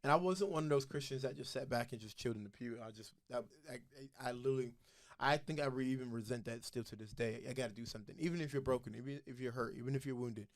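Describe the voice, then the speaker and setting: A man's voice: mid-range voice, fast talker. A young man, a podcast guest, telling his faith story in a casual, earnest way and acting out the voices of the people in it.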